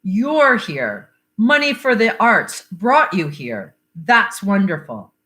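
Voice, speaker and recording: A woman's voice: medium pitch, sing-song, slow, a bit bright. A woman reading the lines of a blunt, bitter middle-aged father grieving for his sick son, in her own voice with little change. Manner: blunt, swears, wry about odds.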